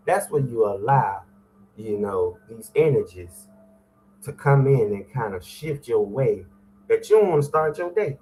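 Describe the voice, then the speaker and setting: A man's voice: mid-range voice, big pitch swings, a little slow, a little mellow, faint music behind. A middle-aged man, hosting a morning show with preachy, call-and-response motivational talk.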